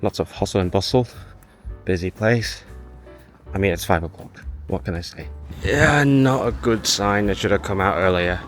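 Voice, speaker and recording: A man's voice: deep voice, fairly even intonation, moderate pace, pauses often. A young man vlogging casually, thinking aloud as he walks through town streets at dusk. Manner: chatty, thinking aloud, self-talk while walking. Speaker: language vlogger. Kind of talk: casual vlog monologue. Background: wind, traffic and faint music.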